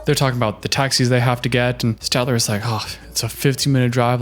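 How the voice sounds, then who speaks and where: A man's voice: mid-range voice, fairly even intonation, fast talker, soft background music. A man doing casual reaction commentary, chatty and opinionated, giving relationship advice.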